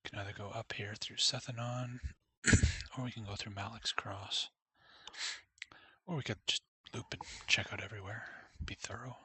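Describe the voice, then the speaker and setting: A man's voice: on the low side, fairly even intonation, normal speed, pushed and bright, husky, no echo. A man streaming a retro game, chatting casually and reading its story text aloud, often dropping to half-whispered asides. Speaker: let's play streamer.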